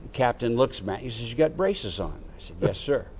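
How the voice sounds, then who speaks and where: An older American man, a veteran, telling a lively story from his youth and acting out the dialogue. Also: medium pitch, a little fast, a little hiss or hum. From United States. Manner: animated anecdote-telling with quoted dialogue. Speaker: veteran interviewee. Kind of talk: oral history storytelling.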